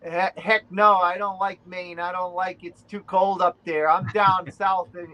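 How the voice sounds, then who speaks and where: Chatty Boston-accented man, higher voice. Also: little pitch movement, measured pace, muffled recording. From Rhode Island. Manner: rambling, chatty, with many fillers. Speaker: guest. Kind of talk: casual chat on a video call.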